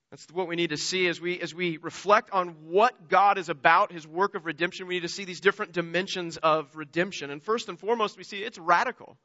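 A man's voice: sits high, sharp tone, dull audio. A man preaching a sermon, retelling a story earnestly and often repeating words as he restarts his phrasing.

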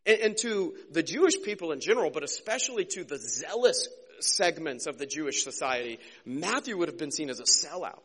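A man preaching a casual, conversational sermon as a pastor, joking and slipping into quick character voices. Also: a little high, animated, a bit bright, slightly rough.

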